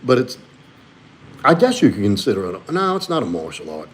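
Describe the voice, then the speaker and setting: A man's voice: huge pitch swings, fairly quick, a little hiss or hum. A man, hosting a casual live stream and answering viewers' questions as he reads chat. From Louisiana. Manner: answers chat questions, talks to his dog in a high sweet voice. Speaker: livestream host and coach.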